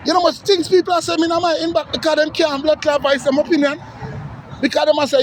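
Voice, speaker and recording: A man's voice: very high-pitched, level tone, fast, a faint crowd, a little hiss or hum, rough recording. Fired-up Jamaican man ranting. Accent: Jamaican Patois. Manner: heated, cursing, repetitive, preaching to listeners. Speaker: social media commentator. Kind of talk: angry rant.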